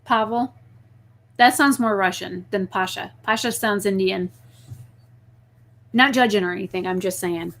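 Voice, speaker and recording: A young woman chatting casually on a live stream, reading viewer messages and telling stories with lively outbursts. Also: mid-range voice, a little slow, long pauses. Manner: chatty, reads viewer messages, talks to her pet snake in a soft baby voice.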